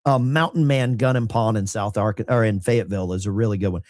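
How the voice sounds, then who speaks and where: A man's voice: lowish voice, fast, darkish tone, no echo, clean studio sound. A middle-aged man, a veteran, hosting a casual livestream and reading viewer mail in a blunt, salty, self-mocking way.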